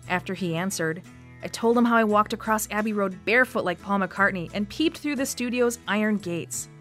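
A woman's voice: mid-range voice, moderate pace, a bit bright, soft background music. A woman in her forties with a Wisconsin accent, reading her own personal essay in a reflective storytelling manner for radio. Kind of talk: scripted personal essay narration.

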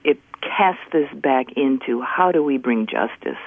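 A woman joining a radio panel discussion as a political science professor, speaking thoughtfully and haltingly with many fillers. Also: rumbling low, lively intonation, slightly rough, narrow, tinny audio.

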